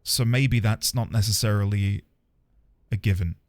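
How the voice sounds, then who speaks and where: A man's voice: on the low side, fairly even intonation, normal speed. A man streaming a game, chatting casually in a playful, rambling, self-mocking way. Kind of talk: casual gameplay commentary. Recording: game music behind.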